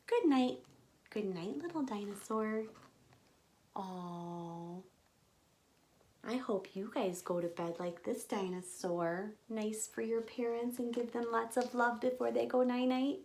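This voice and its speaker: Woman storytime host, bright-pitched and unhurried, playful and expressive with young listeners. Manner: animated, expressive, speaks directly to kids. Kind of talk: reading a picture book aloud to young children.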